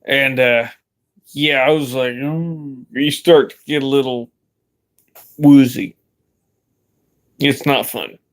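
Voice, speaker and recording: A man's voice: mid-range voice, steady tone, takes it slowly, pauses often. A young man vlogging in a rambling, laid-back way, swearing casually as he chats. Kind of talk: casual vlog chat.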